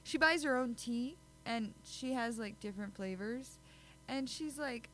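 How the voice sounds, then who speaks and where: A woman's voice: on the high side, a little slow, a bit bright, faint music behind, rough recording. A woman co-hosting a podcast, chatty and giggly, poking fun at herself in casual chat. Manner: giggly, chatty, self-deprecating. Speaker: podcast co-host.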